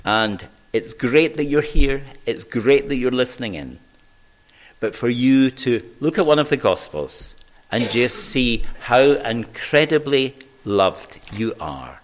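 A man delivers a sermon at a church service in an earnest, measured way. He speaks slowly at an ordinary middle pitch. He reads scripture aloud with care. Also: animated. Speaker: preacher.

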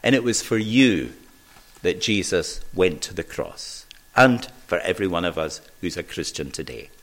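A man preaching a sermon at a church service, earnest and measured, reading scripture aloud. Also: low-pitched, lively intonation, a bit bright.

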